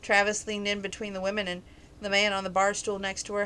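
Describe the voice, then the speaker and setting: A woman's voice: mid-range voice, completely flat delivery, quick pace, sharp tone, smooth, low-quality recording. A woman casually reading a novel aloud, with slips and self-corrections. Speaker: reader.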